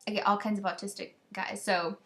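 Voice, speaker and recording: A woman's voice: mid-range voice, little pitch movement, brisk, fairly bright tone. Teenage girl, casual webcam chat; rambling, gossipy, venting to a friend. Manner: rambling, gossipy, quotes others in exasperated voices. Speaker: vlogger sending a video message to a friend. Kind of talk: casual chatty video message.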